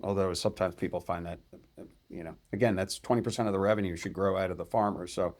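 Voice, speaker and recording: A man's voice: low-pitched, fairly even intonation, quick pace, darkish tone. A man hosting a podcast, talking casually and working through his ideas step by step. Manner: thoughtful, explains ideas step by step. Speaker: podcast host. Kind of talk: casual conversational interview.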